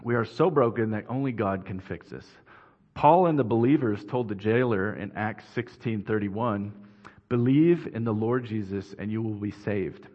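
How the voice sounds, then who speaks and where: A man preaching a sermon in a church, in a measured, earnest expository manner. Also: fairly low pitch. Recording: dull, reverberant hall recording.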